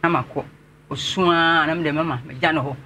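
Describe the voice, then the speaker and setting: A man's voice: on the high side, fairly even intonation, brisk, bright, forceful tone, slight background noise. A man with a Ghanaian accent, an interview guest telling his life story earnestly and politely to the host. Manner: earnest, respectfully addressing the host.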